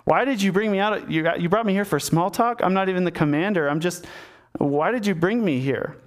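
A man's voice: sits high, fairly quick, voice pushed up, natural voice. A man voicing a loyal soldier who is confused about why he has been summoned. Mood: puzzled. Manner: confused, questioning.

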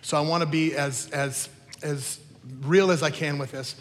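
A man's voice: fairly high pitch, fairly even intonation, moderate pace. A man pastor preaching a sermon, telling stories in a chatty way with teasing asides. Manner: conversational storytelling with teasing asides. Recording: long reverb of a large hall.

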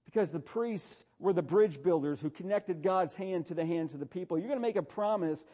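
High-pitched, mellow-voiced preacher man. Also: a little fast. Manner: urgent, exhorting preacher who often says "listen". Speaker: pastor. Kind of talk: sermon.

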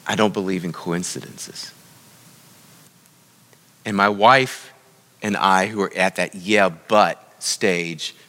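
A man's voice: low voice, steady tone, slow pace, long pauses, pushed and bright, big-room sound. A middle-aged man giving a storytelling sermon in a conversational way, often turning to ask his listeners questions. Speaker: church speaker.

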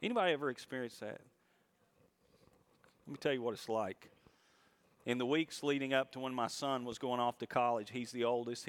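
A middle-aged man delivers a sermon in a voice of ordinary pitch. He moves from quiet, reflective stretches to sudden loud, high bursts, and he draws out his key phrases slowly. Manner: expressive preaching, rising loud for emphasis and slowing on key phrases. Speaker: pastor.

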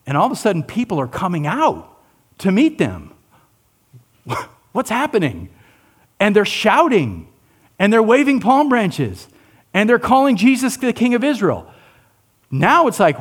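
A male pastor preaching a sermon, asking his listeners questions, acting out quotes, and dropping low and soft on key lines. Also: measured pace, pauses often. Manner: animated, asks the listeners questions, acts out quotes.

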